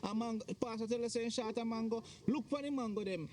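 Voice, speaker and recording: An aggrieved, jealous Jamaican husband pouring out his complaints, played by a man. His voice sits fairly high, and a faint hiss runs behind him. He talks in broad Patois. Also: a little fast, a little mellow. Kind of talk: Jamaican film drama acting.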